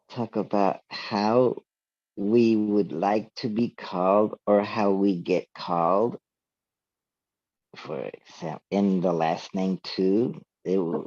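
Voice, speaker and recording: Slow, low-voiced hesitant man. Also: dark tone, highs cut off. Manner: hesitant, halting with restarts. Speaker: co-host. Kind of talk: casual philosophical chat.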